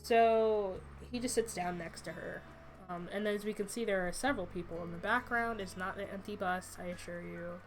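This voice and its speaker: A woman hosting a casual stream, talking through her comic and acting out the characters' lines in quick, animated bursts. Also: a little hiss or hum. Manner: animated, puts on squeaky character voices when quoting.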